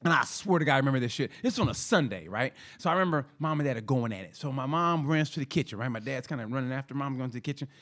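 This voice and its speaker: A man co-hosting a casual podcast, telling stories in an animated way, acting out quotes and swearing freely. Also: mid-range voice, racing, few pauses. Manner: animated, acts out quotes, profane. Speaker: podcast co-host. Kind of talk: casual storytelling chat.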